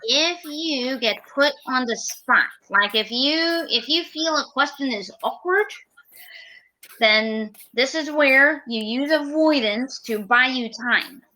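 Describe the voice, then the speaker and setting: A woman's voice: high voice, slow, pushed and bright, rough recording. A woman teaching an English speaking lesson in a live online class, chatty and acting out example answers.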